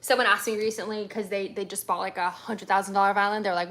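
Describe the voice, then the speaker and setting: A woman's voice: medium pitch, flat delivery, quick pace, few pauses, a bit bright. A woman from America, a violinist, answering viewer questions in a casual livestream chat, full of ums and likes.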